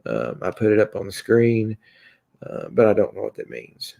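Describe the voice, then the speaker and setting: Kentucky man, gravelly low voice, casual halting livestream host answering chat. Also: big pitch swings, warm tone. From Kentucky, USA. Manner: halting, heavy with filler sounds and restarts.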